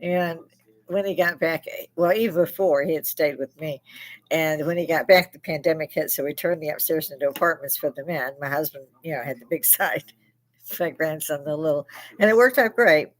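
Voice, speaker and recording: A woman in her sixties hosts a live stream, speaking at a normal pace in a low voice. She tells rambling stories bluntly and profanely, laughing often, in casual chat.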